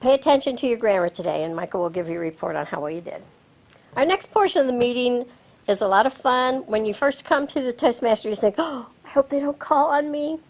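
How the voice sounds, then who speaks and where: A woman with a Midwestern American accent leading a club meeting as Toastmaster from a lectern in a small studio, speaking in a measured, instructive way. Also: a little high, lively intonation, rough recording. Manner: measured, instructive, announcing guests with rising emphasis. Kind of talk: presiding over a club meeting. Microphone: lectern microphone.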